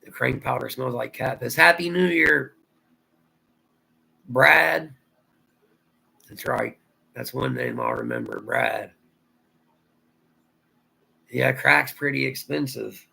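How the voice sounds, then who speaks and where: A man's voice: medium pitch, sing-song, slow pace, creaky, long pauses, pushed and bright, slightly rough, poor audio. A man from Ohio with a Southern drawl, rambling through a casual livestream chat and answering viewer comments aloud. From Ohio, USA. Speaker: livestream host.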